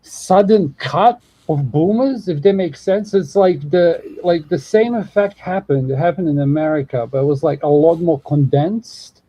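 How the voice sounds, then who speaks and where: Husky new zealand guy rambling and cussing, dark mellow voice, dry sound. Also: on the high side, no room sound, poor audio. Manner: rambling, profane, fast talk with many fillers. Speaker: show host. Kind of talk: casual podcast chat.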